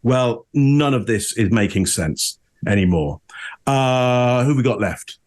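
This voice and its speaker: A man speaks in an easy, conversational way as a panelist. He demonstrates tones by voicing short quoted examples. His pitch sits in a middle range. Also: slow pace. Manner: animated, acts out quoted tones. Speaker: behavior analysis panelist. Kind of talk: casual panel discussion.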